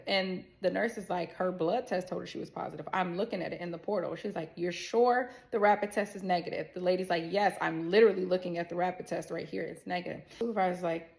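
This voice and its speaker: Woman w/ a bit of a gravelly voice telling her story to the camera, animated, acts out everyone, cusses a lot. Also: on the low side, quick pace, few pauses. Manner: animated, acts out quoted people, swears freely. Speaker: storyteller sharing a personal health scare. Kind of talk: casual storytelling to viewers.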